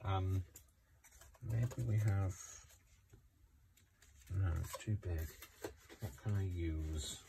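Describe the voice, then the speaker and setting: A man's voice: low-pitched, drawn-out words, gravelly, pauses often, heavy background noise. A man chatting casually while crafting at home, rambling, joking and apologising in a self-mocking way. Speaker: craft vlogger.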